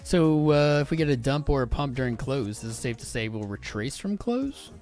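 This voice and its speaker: A young man hosting a casual livestream, chatting with viewers in an excitable, informal way. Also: medium pitch, normal speed, faint music behind. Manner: animated, swearing, informal and excitable. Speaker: crypto livestream host. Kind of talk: casual livestream chat reading viewer comments.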